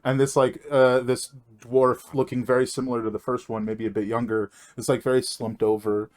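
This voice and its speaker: A man narrating as game master of a tabletop game, halting and restarting often. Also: medium pitch, little pitch movement, darkish tone. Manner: halting, many fillers and restarts.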